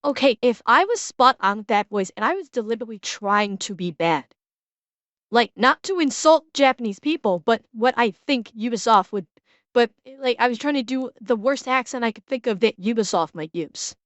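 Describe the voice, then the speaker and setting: A woman's voice: on the high side, animated, normal speed, no room sound. A young adult woman streaming a casual reaction, blunt and swearing freely, often restarting her sentences.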